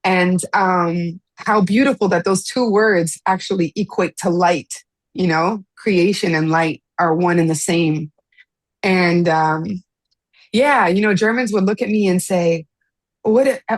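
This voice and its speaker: Gentle woman hosting a video-call meetup. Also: mid-range voice, measured pace, no echo. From Miami. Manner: gentle, reflective, with frequent laughs and restarts. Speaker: host of an online study meetup. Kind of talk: casual spiritual group chat.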